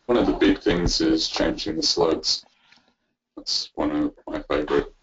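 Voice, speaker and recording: Deep, husky man chiming in with tips, muffled call audio. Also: steady tone, measured pace, fairly bright tone. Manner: interjects with practical tips. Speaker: webinar co-presenter. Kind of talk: web call chat.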